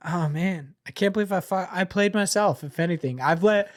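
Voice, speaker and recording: A man's voice: high voice, normal speed, no echo, clean studio sound. A man co-hosting a podcast in casual chat, swearing a lot and ranting in a joking way. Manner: profane, ranting, jokey. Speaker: podcast co-host.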